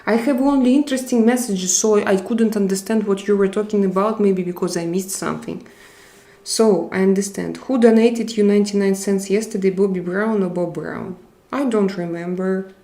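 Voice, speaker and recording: A woman hosting a live stream, chatting casually and reading viewer comments aloud in a halting, chatty way. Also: mid-range voice, steady tone, warm tone. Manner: halting, chatty, laughs often. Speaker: livestream host. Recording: roomy echo.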